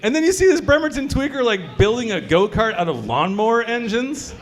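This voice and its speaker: High-voiced man doing crude stand-up. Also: big pitch swings, fairly quick. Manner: crude, conversational, quizzing the crowd. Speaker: stand-up comedian. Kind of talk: stand-up comedy set. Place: brewery comedy showcase.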